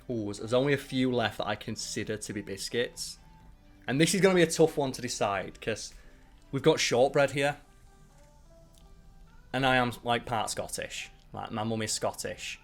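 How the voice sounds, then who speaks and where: A man's voice: medium pitch, unhurried, long pauses, soft background music. A man hosting his channel, chatting casually and rambling through strong opinions with plenty of swearing. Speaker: channel host ranking biscuits. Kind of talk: casual live-stream chat.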